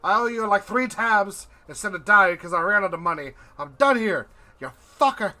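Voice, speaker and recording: A man shouting as a furious broke dwarf gambler. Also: high voice, animated, moderate pace, voice pushed up, heavily acted. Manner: ranting, swearing, shouting.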